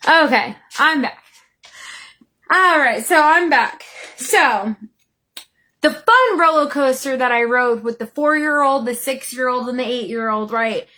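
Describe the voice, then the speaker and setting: A woman in her thirties telling a personal story to her viewers in a casual, chatty way, acting out her own excited and scared exclamations. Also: high voice, measured pace. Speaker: vlogger.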